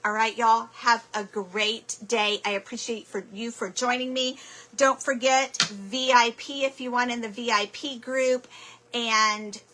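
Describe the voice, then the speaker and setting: A woman's voice: fairly high pitch, fairly even intonation, a little slow, sharp tone, rough recording. A woman hosting a live craft stream, chatting casually and apologizing as she gets flustered. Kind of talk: casual craft livestream chat.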